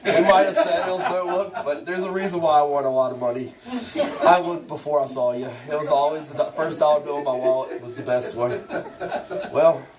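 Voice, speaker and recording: A man's voice: on the high side, steady tone, fairly quick, a loud crowd. A man giving a joking tribute speech at a dedication, addressing his friend directly. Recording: voice from far off.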